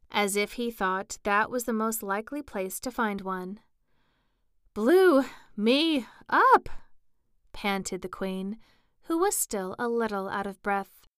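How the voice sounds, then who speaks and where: A woman narrating a storybook as an audiobook, in a slow, even storytelling manner. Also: medium pitch, clean tone, no echo, clean studio sound. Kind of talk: audiobook reading.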